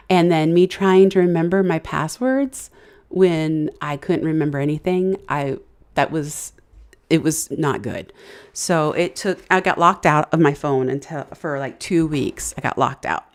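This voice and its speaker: A woman hosting a casual live stream, halting and searching for words, thanking viewers as she reads the chat. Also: low-pitched, darkish tone. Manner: halting, many fillers and restarts, searching for words; grateful, effusive thanks to viewers. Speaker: livestream host.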